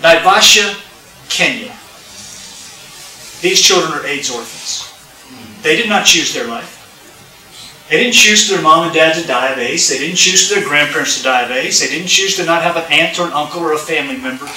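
A preacher tells a story in his sermon, acting out its dialogue with animation and calling out to the congregation at normal speed. His bright, forceful voice sits a touch high for a man. The distant mic picks up the roomy sound of the church sanctuary.

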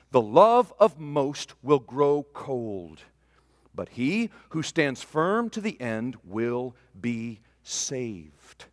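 A man preaching a sermon, swinging from loud declarations to hushed asides. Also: fairly high pitch, clean studio sound. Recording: long reverb of a large hall.

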